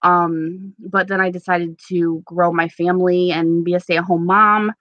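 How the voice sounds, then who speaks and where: A woman's voice: fairly low pitch, flat delivery, unhurried, no echo, dull audio. A young woman hosting a casual live stream with a sore, stuffy throat, chatting with viewers and answering them by name. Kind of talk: casual live-stream chat reading comments.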